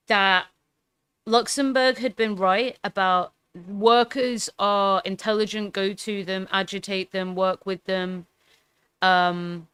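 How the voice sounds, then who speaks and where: A woman's voice: medium pitch, a bit bright, smooth, dry recording. A woman casually commenting on a historical film, rambling with fillers and the odd swear word. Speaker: political commentary streamer.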